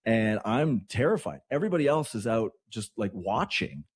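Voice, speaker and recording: A man from Canada hosting morning radio, talking in a chatty, rambling way with excitable asides. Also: on the low side, normal speed, breathy edge, no room sound, clean studio sound. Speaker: radio host.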